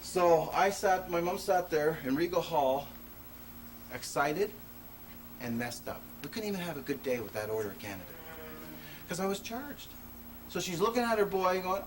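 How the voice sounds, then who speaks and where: Guy giving a fired-up talk, kinda high voice, mic far off, old 80s tape hiss. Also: lively intonation, normal speed. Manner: emphatic, conversational storytelling with sudden rises in voice. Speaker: presenter at a public talk. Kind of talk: impassioned public talk. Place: presentation venue before an audience. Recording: distant mic with faint noise, 1980s video.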